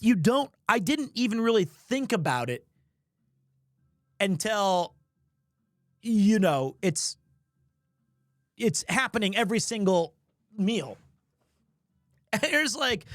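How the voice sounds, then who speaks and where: A man's voice: sits high, animated, takes it slowly, pauses often, no room sound. Male streamer, casual storytelling, rambling, dry close sound. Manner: rambling, self-mocking, laughing.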